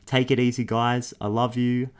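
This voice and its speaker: A man's voice: mid-range voice, flat delivery, normal speed, smooth. A man hosting a tarot card reading video, talking straight to his viewers in an enthusiastic, affectionate, rambling way. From Australia. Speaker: tarot reader.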